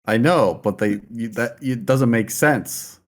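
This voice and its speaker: A man's voice: mid-range voice, unhurried. A young man from Minnesota co-hosting a podcast, talking hesitantly and laughing often. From Minnesota, USA. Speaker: podcast co-host. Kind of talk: casual chat.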